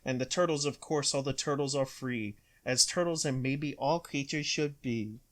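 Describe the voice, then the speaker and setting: A man, a father, reading a rhyming picture book aloud with a steady rhythm. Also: mid-range voice, normal speed.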